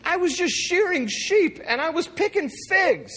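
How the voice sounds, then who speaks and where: A man doing a fed-up, high-pitched reluctant shepherd prophet. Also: lively intonation, measured pace, sharp tone, full character voice. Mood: exasperated. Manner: pleading, fed up. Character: exasperated male shepherd prophet, ordinary and reluctant.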